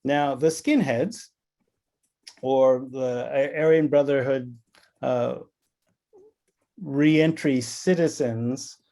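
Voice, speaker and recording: Slow, deliberate man from Los Angeles. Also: medium pitch, fairly even intonation, mellow. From Los Angeles, California. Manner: storytelling, acts out quoted dialogue. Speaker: presenter on anti-racism. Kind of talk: recorded training session talk.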